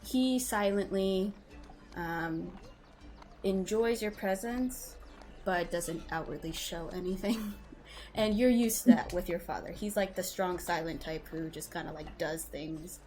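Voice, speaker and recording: A woman's voice: on the low side, a little slow, warm tone. A woman narrating as game master in a casual tabletop game, talking loosely with many ums and likes.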